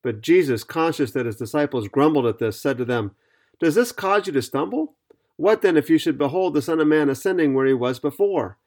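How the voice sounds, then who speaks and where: A man's voice: fairly high pitch, a little fast, hardly any pauses, a little mellow. A man teaching on a podcast Bible study, reading scripture aloud and explaining it in an earnest, methodical way.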